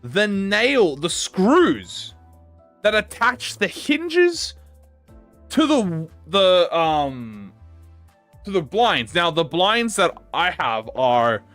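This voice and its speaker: A man talking as a gaming YouTuber in a casual story-time chat, excitable, swearing a lot and restarting his sentences. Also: on the high side.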